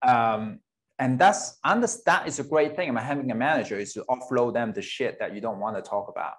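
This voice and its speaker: A man's voice: medium pitch, fairly quick. Man, 40s, from Hong Kong; guest musician, open and unguarded, mid-range voice. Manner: candid, swears casually, laughs between thoughts. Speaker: guest guitarist. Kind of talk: casual interview chat.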